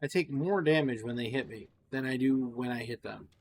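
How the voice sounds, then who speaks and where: A man's voice: mid-range voice, brisk, gravelly, darkish tone, slight background noise. A tired man commentating casually on his gameplay, rambling with fillers and restarts. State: tired, yawning. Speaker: gaming channel host.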